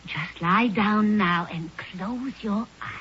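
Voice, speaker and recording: An actress playing a calm, reassuring spinster cousin in a radio drama, on a dull old broadcast with faint hiss. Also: female voice, medium pitch, slow. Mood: soothing. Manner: soothing, reassuring, then alarmed. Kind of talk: 1970s radio drama acting.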